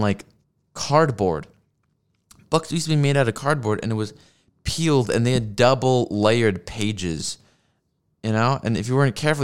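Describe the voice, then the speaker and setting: A man's voice: mid-range voice, clean tone. A man ranting on a stream as he reacts to videos, swearing often and laughing at his own jokes, into a desk microphone. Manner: profane, sarcastic rant with laughs. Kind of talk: ranting commentary while watching videos. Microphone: streaming mic at a desk with a mixer.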